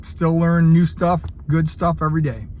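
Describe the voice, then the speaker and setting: Earnest man in his fifties, halting. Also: fairly high pitch, flat delivery, a little mellow, slight background noise. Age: 50s. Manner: earnest, halting, frequent fillers. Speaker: CrossFit coach. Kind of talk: casual personal vlog storytelling.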